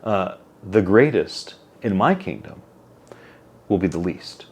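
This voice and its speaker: Low-voiced guy in his 40s, interview guest, chatty storyteller, keeps tossing in "like" and "right?". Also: slow pace, husky. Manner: animated storyteller, acts out quotes, many "like" and "right?" tags. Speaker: interview guest, company CEO.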